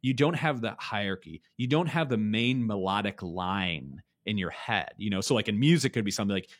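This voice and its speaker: A man's voice: lowish voice, expressive, fairly quick. A man giving a conversational lecture, thinking aloud with frequent restarts and checking in with "right?". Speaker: speaker explaining ideas on beauty and art.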